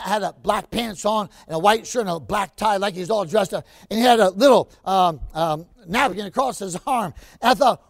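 A middle-aged man preaching a storytelling sermon, animated, stretching words and breaking into sudden shouts. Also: high-pitched, creaky, no room sound.

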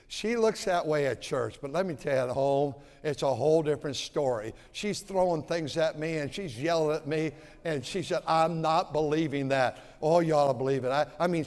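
A man's voice: on the high side, darkish tone. A male pastor preaching a sermon in an emphatic, repetitive style with folksy asides to his congregation. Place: church sanctuary. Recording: long church hall reverb.

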